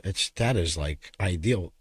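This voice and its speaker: A man with a New York accent co-hosting a podcast in a studio, telling animated stories and ribbing his partner. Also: deep voice, measured pace, breathy edge, no echo. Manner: animated storyteller, playful ribbing. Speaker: podcast co-host. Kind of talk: casual chat. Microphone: studio microphone.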